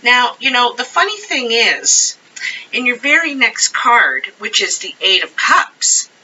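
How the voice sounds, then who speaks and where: A woman's voice: on the high side, sing-song, unhurried, sharp tone, husky, recorded from a distance, dull audio. A woman giving a casual tarot reading to camera, chatty and rambling with many fillers. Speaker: tarot reader.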